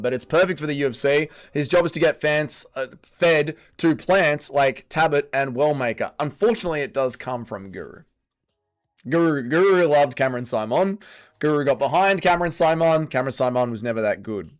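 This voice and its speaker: A man's voice: on the high side, normal speed, soft background music. A man with an Australian accent hosting a casual livestream, reading chat comments aloud and answering them in a blunt, crude, bantering way.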